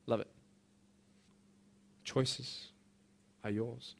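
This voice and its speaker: A young adult man giving an earnest, emphatic motivational speech to students, moving between hushed and loud passages. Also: medium pitch, flat delivery, very slow, gravelly, husky. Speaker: motivational speaker.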